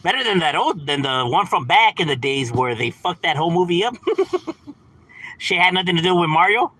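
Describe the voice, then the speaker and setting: Fairly quick and animated, this man's voice runs on the high side with a pushed, bright quality, captured on a rough recording. He's a Californian livestream host in his thirties from the San Fernando Valley, chatting casually in a laid-back, slangy manner and laughing a lot.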